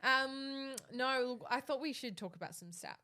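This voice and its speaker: A woman's voice: sits high, normal speed, sharp tone. A young woman co-hosting a podcast, chatty and reading out figures with many fillers. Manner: chatty, reads stats with fillers. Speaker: podcast co-host. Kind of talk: casual chat.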